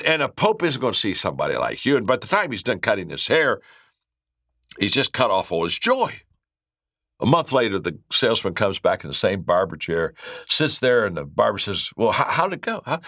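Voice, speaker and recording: A man's voice: medium pitch, fairly bright tone, no room sound, studio quality. A man giving a motivational leadership talk, telling stories and acting out the characters' lines, often repeating words as he restarts. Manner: frequent word repeats and restarts. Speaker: leadership speaker.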